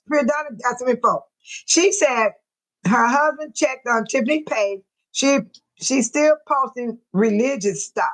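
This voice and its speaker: A woman's voice: high voice, fairly bright tone. An older woman hosting a casual livestream, reading chat comments aloud and laughing often. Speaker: livestream host.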